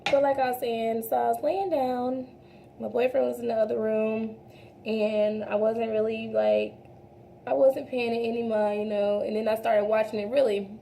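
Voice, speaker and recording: Young woman, beauty vlogger, casual chat, talks to viewers as y'all, fry in the voice, mellow tone. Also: a little high, steady tone, normal speed, slight background noise. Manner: chatty, talks to viewers as y'all, trails off and restarts. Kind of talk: casual makeup tutorial chat.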